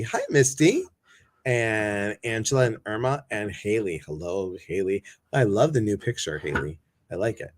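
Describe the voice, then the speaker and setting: Animated man greeting live-stream viewers. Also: medium pitch. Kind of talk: casual live-stream chat.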